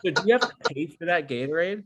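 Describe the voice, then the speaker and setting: A man on a casual podcast makes dry, teasing remarks. His voice sits a little high, and the pitch swings widely. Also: expressive, fast, heavy background noise. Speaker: podcast co-host. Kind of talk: casual chat.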